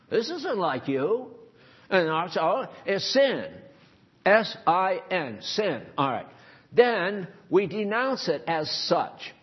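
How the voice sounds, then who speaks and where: A man's voice: sits high, breathy edge. A man preaching a sermon to a congregation, exhorting listeners in an emphatic, stern manner with casual asides. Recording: dull lo-fi recording.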